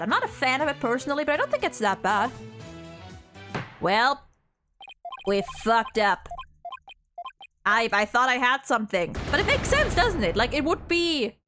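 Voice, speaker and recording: A German-born woman streaming a courtroom game, thinking aloud with excitable outbursts and stumbling restarts. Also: a little high. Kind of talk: let's-play commentary.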